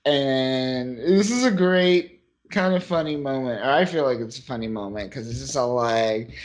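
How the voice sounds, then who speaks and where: On a casual comic book podcast, a male co-host with a medium-pitched voice recaps the story at normal speed. He rambles and swears, quoting the characters' lines in their voices as he goes.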